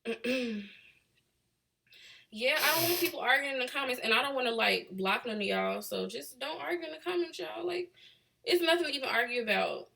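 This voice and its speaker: A woman's voice: high-pitched, expressive, fairly quick, creaky, sharp tone, slightly rough. Chatty Chicago woman on a livestream. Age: late 20s. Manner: chatty, drawling, answering comments. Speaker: livestream host. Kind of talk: casual live chat with viewers.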